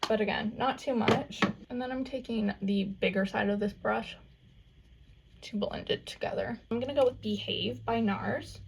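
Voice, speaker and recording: A woman's voice: on the high side, moderate pace, vocal fry, a little hiss or hum. A young woman with a Southern US accent chatting casually through a makeup tutorial, full of "like" and "um". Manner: chatty, valley-girl fillers, frequent "like" and "um". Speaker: makeup vlogger.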